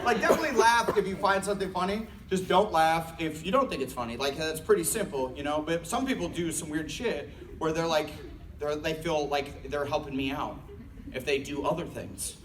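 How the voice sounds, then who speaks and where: A man performing a loud, animated, profane stand-up set and bursting into screams. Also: on the high side, fairly quick. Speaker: stand-up comedian. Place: large university hall with a live audience. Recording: distant mic, loud crowd noise.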